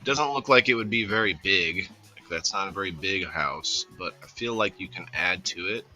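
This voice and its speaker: Low-voiced laid-back man hosting a livestream. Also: normal speed, pushed and bright, soft background music. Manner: rambling, easygoing, greets viewers by name. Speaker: livestream host. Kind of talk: casual livestream chat.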